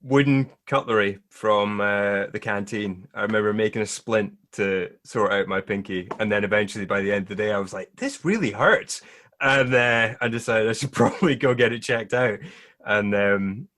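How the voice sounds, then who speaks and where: A man's voice: on the low side, steady tone, moderate pace, a bit bright. A man hosting a podcast in a casual chat, often laughing as he talks. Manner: chatty, laughs often while talking. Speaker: podcast host.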